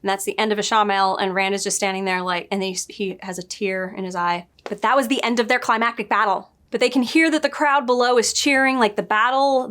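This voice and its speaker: A woman giving a casual spoken review, chatty and digressive, often laughing and adding quick asides. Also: mid-range voice, a bit bright. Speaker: book and show reviewer.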